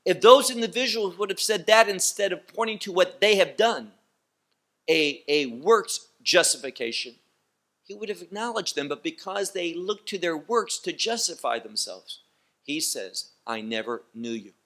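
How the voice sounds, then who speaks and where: A man giving a Bible teaching lecture, deliberate and emphatic, posing rhetorical questions to his listeners. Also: high-pitched, lively intonation, a bit bright. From Israel.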